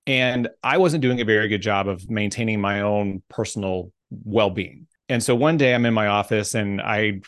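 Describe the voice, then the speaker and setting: A man's voice: fairly low pitch, normal speed, hardly any pauses, a bit bright, dry recording, studio quality. A man with a Southern US accent, a podcast guest who tells stories and jokes in a friendly, casual way. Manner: joking, storytelling, friendly. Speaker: podcast guest, motivational speaker. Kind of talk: casual interview conversation.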